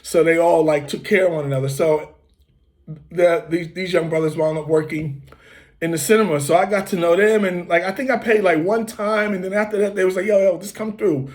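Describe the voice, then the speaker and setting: A man from the United States hosting, telling a relaxed, rambling story full of fillers and restarts, with occasional coughs. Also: high voice, a little fast. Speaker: host. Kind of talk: casual storytelling.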